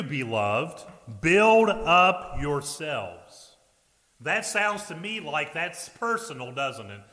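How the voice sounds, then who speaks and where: Pastor guy preaching, kinda high bright voice, goes loud then quiet, church reverb all around. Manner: earnest preaching, swings between loud emphasis and quiet asides. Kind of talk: sermon. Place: church sanctuary.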